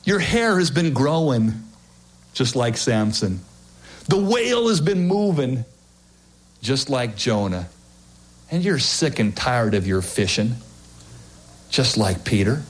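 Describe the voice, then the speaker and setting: A man's voice: slow pace, long pauses. A middle-aged man preaching a sermon, acting out the people in his story with big swings of voice. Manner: animated, acts out quoted voices with big pitch swings.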